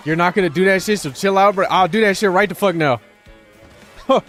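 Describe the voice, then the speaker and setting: A man's voice: sits high, brisk, fairly bright tone, soft background music. A man streaming live while gaming, talking to his chat in a profane, sarcastic, rambling way.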